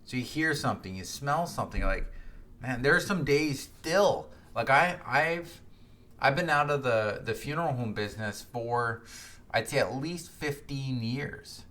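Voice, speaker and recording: A middle-aged man hosts a solo podcast in a reflective, conversational manner. His voice is bright and sits at an ordinary pitch for a man. He often restarts his sentences and checks in with the listener. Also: expressive, unhurried. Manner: conversational, frequent "right?" and restarts. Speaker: podcast host.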